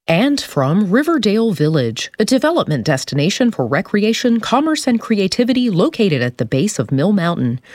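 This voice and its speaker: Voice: medium pitch, no room sound. An announcer reading scripted sponsor credits for a radio station.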